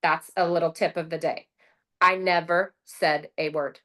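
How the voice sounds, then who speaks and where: Woman, middle-aged, lowish voice, casual motivational talk, animated storytelling, video call audio. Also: moderate pace. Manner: animated storyteller who acts out her own quotes, with frequent "like" and "right?". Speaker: presenter sharing her sales story.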